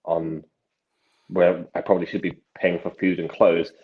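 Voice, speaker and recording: A young man, a magician telling stories from his life as a podcast guest, with animated delivery and frequent restarts. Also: sits low, moderate pace. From England. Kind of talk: casual podcast storytelling. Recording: dull lo-fi sound.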